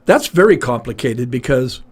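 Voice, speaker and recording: A retired man co-hosting a casual talk show, rambling and animated as he tells stories. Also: mid-range voice, moderate pace. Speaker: podcast co-host. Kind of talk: casual chat.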